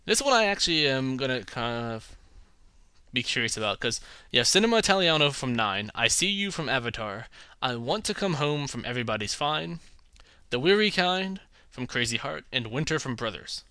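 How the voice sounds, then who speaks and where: A man in a casual opinion vlog, reviewing films with animated, exasperated ranting and putting on voices for others. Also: medium pitch, moderate pace, clear, resonant tone, no room sound. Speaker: film reviewer.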